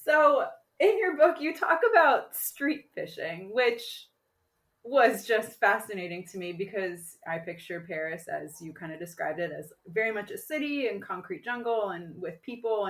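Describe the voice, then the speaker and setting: A woman hosting a podcast interview, chatting casually and reacting quickly to her guest. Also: mid-range voice, fairly bright tone. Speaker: podcast host.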